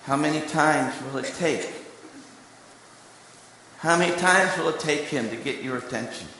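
A man preaching in a large hall, his voice bright and forceful. His story moves between hushed asides and strong emphasis, and every word rings out with a long, echoing reverb. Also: a little high, measured pace, a little hiss or hum. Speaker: preacher and candidate recruiter. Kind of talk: sermon.

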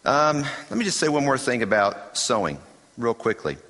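A man's voice: mid-range voice, very animated, normal speed, pushed and bright. A man preaching a sermon as pastor, emphatic and conversational, with self-deprecating asides. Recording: hall reverb.

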